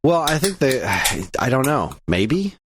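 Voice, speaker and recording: A man's voice: mid-range voice, very animated, slow, background noise. A man from the United States co-hosting a casual podcast, rambling along with plenty of fillers and restarts. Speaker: podcast co-host.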